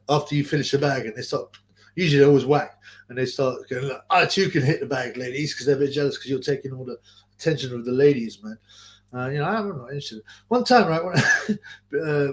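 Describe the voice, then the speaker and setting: A middle-aged man hosting a boxing livestream, rambling and swearing through loose, casual stories. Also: mid-range voice. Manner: rambling, profane, loose storytelling.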